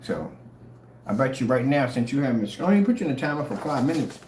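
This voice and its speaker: Taunting ranting host, swooping animated voice, roomy echo, faint background noise. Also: medium pitch, quick pace. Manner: taunting, mocking. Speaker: channel host. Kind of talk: casual rant to camera. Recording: echoey room, faint noise.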